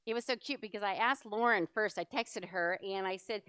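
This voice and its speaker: Chatty, enthusiastic woman with a smooth voice. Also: medium pitch, brisk, few pauses, a bit bright, dry recording. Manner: chatty, enthusiastic, many fillers. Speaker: seminar presenter. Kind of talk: church seminar talk. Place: church hall.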